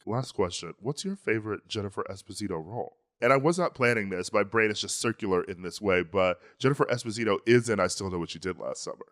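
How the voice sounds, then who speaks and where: Playful man with a low, lively voice. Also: quick pace, few pauses. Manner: playful, enthusiastic, laughs often. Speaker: podcast co-host. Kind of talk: casual pop-culture chat.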